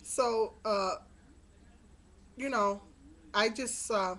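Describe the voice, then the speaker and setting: Drawing out her words in a medium-pitched, fairly bright voice, a middle-aged woman tells her webcam a rambling story. She sounds exasperated and uses many fillers in this casual vlog monologue, recorded on a webcam mic.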